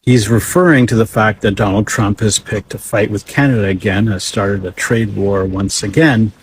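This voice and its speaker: Low, measured male commentator. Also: steady tone, a little hiss or hum, rough recording. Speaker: political commentator. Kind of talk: political commentary.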